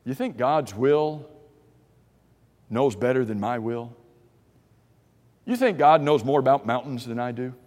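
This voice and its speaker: A man's voice: mid-range voice, lively intonation, unhurried, long pauses, darkish tone. A man preaching a sermon, posing questions to his listeners and acting out the voices of doubters with emphasis. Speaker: pastor. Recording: long hall reverb.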